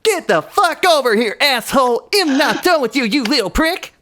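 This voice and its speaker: A man putting on a shrill, screechy voice for an enraged, swearing cartoon hedgehog. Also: very animated, normal speed, exaggerated voice. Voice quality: screechy, high-pitched. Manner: swearing in a frenzied shout.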